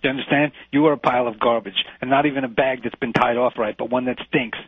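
A man's voice: medium pitch, fairly even intonation, fast, slightly rough, no echo. Brash, insulting man on a tinny line. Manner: brash, insulting, rambling tirades. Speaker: comedian pushing a Brooklyn accent. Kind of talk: improvised comedy sketch. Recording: dry, phone-like lo-fi recording.

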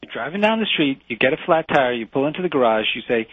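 A man's voice: medium pitch, expressive, quick pace, husky, no echo. A man in an improvised comedy sketch, pushing a friend to use a Brooklyn accent with brash, insulting, rambling tirades. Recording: dry, phone-like lo-fi recording.

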